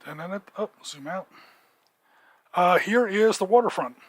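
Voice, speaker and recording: High-voiced male game master. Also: unhurried. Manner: relaxed, many fillers, explains rules. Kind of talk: narrating a tabletop game.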